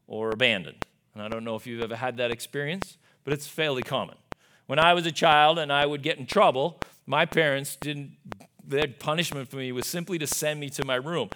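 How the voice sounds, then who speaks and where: A man's voice: on the high side, sharp tone. Emphatic male pastor preaching live in church. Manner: emphatic, with rhetorical asides. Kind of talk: sermon. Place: church sanctuary. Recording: live church recording with background noise.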